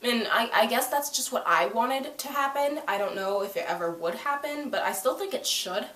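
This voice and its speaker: Gushing, excitable young woman vlogging. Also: fairly high pitch, moderate pace. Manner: gushing, excitable, heavy use of "like". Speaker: video reviewer. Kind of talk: casual vlog recap. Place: at home by a couch.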